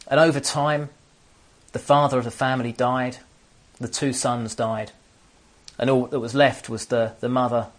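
A man preaching a sermon to an empty room, earnest and often restarting his phrases. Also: medium pitch. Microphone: camera on stands.

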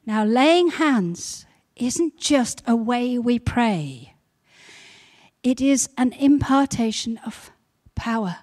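A woman pastor giving a sermon, building to loud repeated emphasis. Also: a little high, lively intonation, slow pace.

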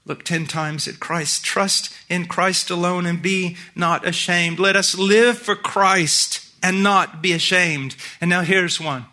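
A middle-aged man preaching a sermon, moving between hushed, intense passages and shouted emphasis. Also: high-pitched, steady tone, slow, hardly any pauses.

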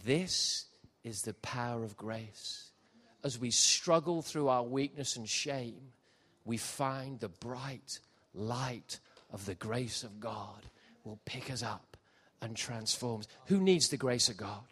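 A man preaching a live sermon at a church service, building passionately and sometimes shouting. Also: medium pitch, slow, slightly rough. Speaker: pastor. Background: faint piano.

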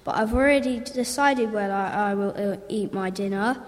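A woman voicing a gentle, kind grown man speaking calmly in a storybook reading. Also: medium pitch, normal speed, lightly acted. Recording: roomy hall reverb.

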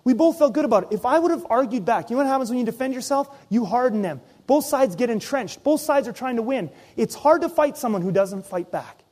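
A man preaching a sermon as pastor, telling personal stories with lively, acted-out asides. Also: extremely high pitch, a little fast, hardly any pauses. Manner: animated storytelling, acts out his own inner voice.

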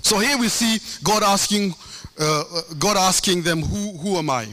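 A man's voice: sits high, a little slow, pushed and bright. A middle-aged man preaching a sermon, impassioned, with a sing-song cadence and lots of repetition.

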